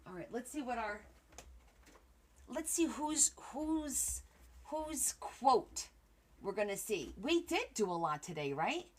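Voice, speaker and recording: A woman closing out her crafting livestream after a long, busy day, tired but still chatty with her viewers. Her voice swings up and down with lively pitch as she greets regulars by name and loses her thread now and then. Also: takes it slowly. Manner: chatty, addresses viewers by name, trails off and restarts. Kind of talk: casual livestream chat.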